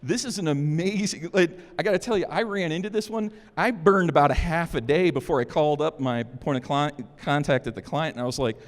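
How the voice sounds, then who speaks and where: A man's voice: fairly high pitch, fairly quick, hardly any pauses. A man giving a security conference talk in an informal, joking way. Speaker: conference speaker. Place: conference hall. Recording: long hall reverb.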